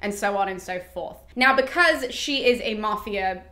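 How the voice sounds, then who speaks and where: A woman's voice: mid-range voice, expressive, normal speed, sharp tone, echoey room. A young woman hosting a book review channel, chatting casually and upbeat with plenty of fillers, her voice slightly cracking from a cold. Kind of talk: casual chat to camera.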